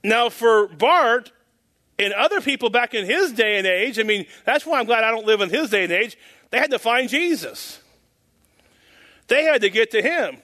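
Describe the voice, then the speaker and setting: A man's voice: very high voice, animated, normal speed, sharp tone. A man giving an informal sermon in a folksy, rambling way, chuckling at his own jokes. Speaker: preacher.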